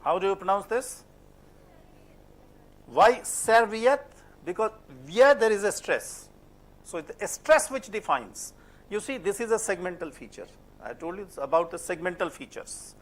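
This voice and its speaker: A man's voice: high-pitched, sing-song, measured pace. A man with an Indian English accent lecturing a class on French pronunciation, asking questions and repeating words as a drill. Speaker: French phonetics teacher.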